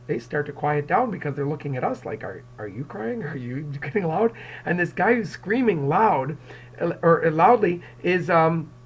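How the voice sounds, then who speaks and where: A man's voice: on the high side, slightly rough, muffled recording. A male English teacher giving a casual recorded lecture, rambling with many fillers and repeated words, and acting out quotes with raised voices.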